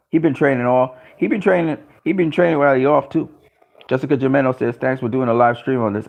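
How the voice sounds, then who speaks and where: A man hosting a live stream, reading chat and commenting casually, excitable and profane, often exclaiming and repeating himself. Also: medium pitch, creaky.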